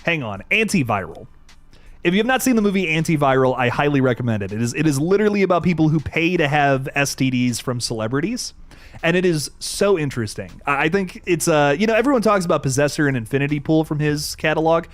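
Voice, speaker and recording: A man's voice: on the high side, animated, quick pace. A young adult man hosting a live horror stream, chatting casually with frequent swearing and restarts, faint music underneath. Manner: laid-back, swears often, many restarts. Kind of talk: casual livestream chat.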